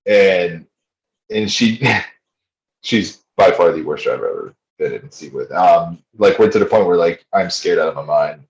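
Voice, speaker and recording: Low-voiced man telling blunt stories in a roomy space. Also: animated, normal speed, a little mellow. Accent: neutral American. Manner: blunt, swearing storyteller. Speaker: podcast host. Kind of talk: casual chat. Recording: roomy echo.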